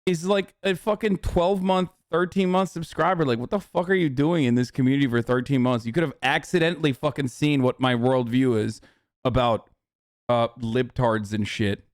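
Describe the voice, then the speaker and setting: A man's voice: medium pitch, steady tone, normal speed, dry recording, clean studio sound. A young man hosting a livestream, ranting in a casual, profane and argumentative way. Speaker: livestream host.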